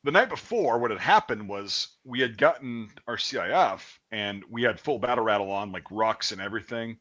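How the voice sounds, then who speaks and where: A man's voice: lowish voice, moderate pace, muffled recording. A man hosting a podcast, telling a story in a casual, profane way and acting out the people he quotes. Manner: profane, animated, acts out quotes. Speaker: podcast host.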